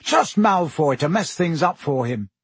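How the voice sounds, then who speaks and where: A gloomy teenage boy frets in a low, downbeat voice, voiced by a man telling a story. The tone is husky and close-miked. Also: expressive, measured pace, no echo, heavily acted. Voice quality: gloomy, worried.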